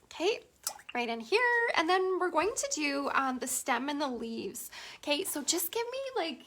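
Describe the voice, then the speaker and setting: A woman's voice: sits high, sing-song, normal speed, a bit bright. A middle-aged Canadian woman chatting with viewers as she teaches a painting tutorial, giggling often. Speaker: painting instructor. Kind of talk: casual live painting tutorial.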